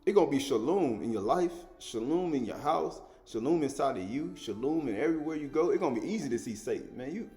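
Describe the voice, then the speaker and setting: A man's voice: a little high, animated, quick pace, hardly any pauses, warm tone, soft background music. A man giving an informal spoken Bible study, chuckling often, repeating words and asking the listener "right?" as he goes. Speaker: scripture teacher.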